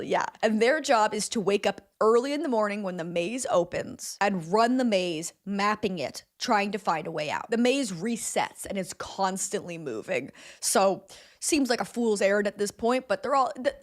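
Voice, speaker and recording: A young woman recapping a film in casual chat, chatty and sarcastic, swearing and laughing often. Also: mid-range voice.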